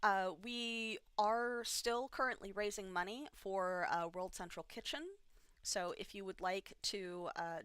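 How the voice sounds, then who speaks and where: A woman's voice: mid-range voice, fairly bright tone, clean tone, dry recording. A tired woman running a tabletop game livestream on a home mic, rambling and self-deprecating with many fillers. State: tired from little sleep. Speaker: game master. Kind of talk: livestream announcements and recap.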